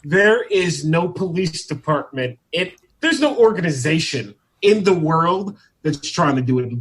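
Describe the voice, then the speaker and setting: A man's voice: on the high side, lively intonation, unhurried, a bit bright. A man co-hosting a podcast, talking in a rambling, easygoing way with many asides. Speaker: podcast co-host. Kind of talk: casual podcast chat.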